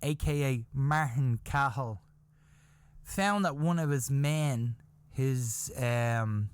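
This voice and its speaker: An Irish man in his fifties hosting a podcast, telling a story in a rambling, animated way that keeps checking in with the listener. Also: medium pitch. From Ireland. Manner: rambling, animated, peppered with "okay?" and "you know?". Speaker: podcast host. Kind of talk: casual anecdotal storytelling.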